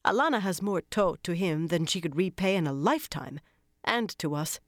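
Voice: animated, moderate pace, fairly bright tone, dry recording, studio quality. A reader voicing a proud, determined young noblewoman who speaks earnestly and insistently, in an audiobook. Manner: insistent, earnest, raised pitch.

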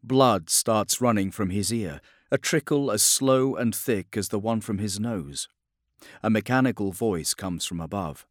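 A male audiobook narrator with a low voice and a slow, measured delivery. His narration is grave and even. The recording is dry and close. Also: no room sound.

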